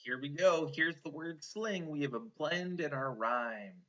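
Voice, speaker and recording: A man's voice: on the high side, a little slow, sharp tone, muffled recording. A man teaching a one-on-one spelling lesson, patiently sounding out words letter by letter and encouraging the student.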